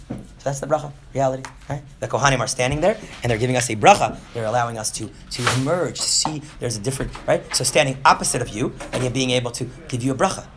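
A man in his thirties with a mid-range voice gives a lively lecture to a class on Jewish texts, with slight background noise. He's animated, keeps checking in with "right?", and acts out quick little voices.

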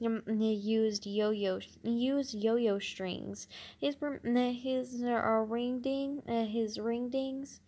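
A woman reading a novel aloud, halting often with fillers and restarts. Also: fairly high pitch. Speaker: reader.

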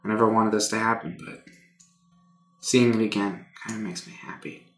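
A man voicing a defiant young male student rebel in a tabletop game, speaking flat and quietly determined. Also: fairly low pitch, normal speed, faint music behind. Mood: quietly pleased. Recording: roomy, from a distant mic.

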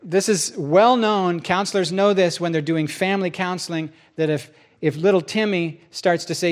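A middle-aged pastor preaching a sermon, telling stories with lots of voiced quotes. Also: male voice, high-pitched, moderate pace, hardly any pauses. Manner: animated storytelling with many voiced quotes.

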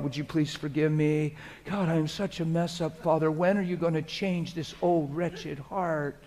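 A man preaching a sermon as pastor, swinging between loud exhortation and hushed, conversational prayer. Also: fairly high pitch.

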